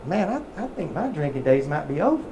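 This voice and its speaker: A man voicing a tipsy good-ol'-boy in a pickup truck, high and incredulous. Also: sing-song, brisk, dark tone, slight background noise. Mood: amazed.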